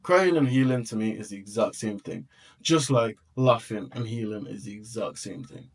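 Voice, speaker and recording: A man's voice: lowish voice, moderate pace, slightly rough. A man hosting a reaction video, speaking in a heartfelt, reflective way, often restarting his sentences.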